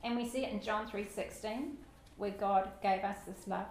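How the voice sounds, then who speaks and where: A woman's voice: medium pitch, fairly even intonation, normal speed, darkish tone. Chatty woman teaching in an echoey hall. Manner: chatty, with light self-deprecating asides. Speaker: Bible teacher. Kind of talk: Bible study teaching. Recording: echoey room with faint background noise.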